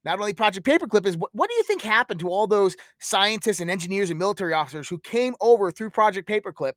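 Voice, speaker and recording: High-voiced man lecturing emphatically. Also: animated, fast, fairly bright tone, no echo. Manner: emphatic, lecturing, uses rhetorical questions; rambling, piles up lists. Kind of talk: conspiratorial monologue.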